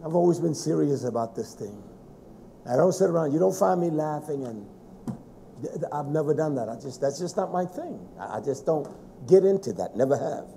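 Gravelly, high-pitched preacher, man. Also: lively intonation, brisk, slight background noise. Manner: fervent, swings from shouting to low muttering. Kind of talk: sermon.

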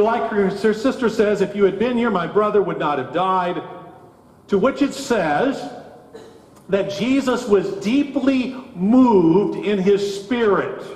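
A man delivers a sermon at a slow, deliberate pace, leaning into emphatic rises on key phrases. His voice sits a little high for a man. It rings out with the long reverb of a church sanctuary. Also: a little mellow. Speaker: pastor. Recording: echoey church hall.

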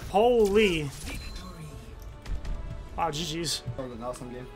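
A young man streaming a competitive shooter, swearing, yelling quick callouts to teammates and reacting loudly to each fight. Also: fairly high pitch, lively intonation, music in the background. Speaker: gaming streamer. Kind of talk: live gameplay commentary and team voice chat.

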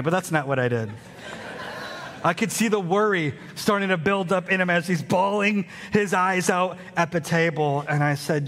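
A man's voice: sits high, animated, moderate pace, a bit bright, a little hiss or hum. A man, preaching a sermon as pastor in a conversational storytelling way. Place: large church hall. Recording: hall reverb.

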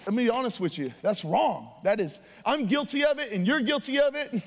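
A young man preaching an informal sermon in a church, casual and slangy, talking in quick conversational bursts. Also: very high-pitched, animated. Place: church sanctuary. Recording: long hall reverb.

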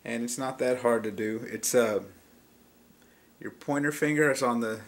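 A man's voice: mid-range voice, normal speed. Laid-back man teaching guitar chords. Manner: easygoing, explains chord shapes plainly with small restarts. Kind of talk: casual step-by-step guitar tutorial. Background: acoustic guitar being played.

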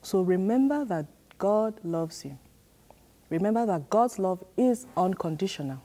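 A woman's voice: medium pitch, lively intonation, measured pace, warm tone. A woman teaching a children's church sermon, repeating key lines and prompting the children to answer and repeat after her. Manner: repetitive, emphatic, call-and-response prompts.

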